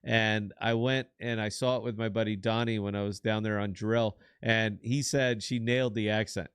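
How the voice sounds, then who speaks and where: A man's voice: fairly low pitch, fairly even intonation, normal speed, a bit bright, clear, resonant tone, no room sound, studio quality. A man co-hosting a podcast in casual chat, blunt and rambling, swearing freely. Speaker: podcast co-host.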